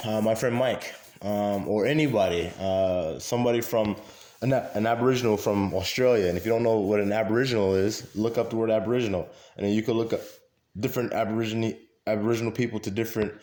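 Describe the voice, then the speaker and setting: A man's voice: lowish voice, warm tone. A man in a casual monologue to camera, talking emphatically with many fillers and repeating his points. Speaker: vlogger. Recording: echoey room.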